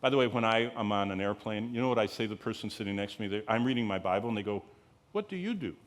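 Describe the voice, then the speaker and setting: Racing along in a steady tone, a man gives a conversational Bible lecture to a live group. He frequently goes off on tangents, tosses rhetorical questions at the audience, and pitches key words higher to emphasize them.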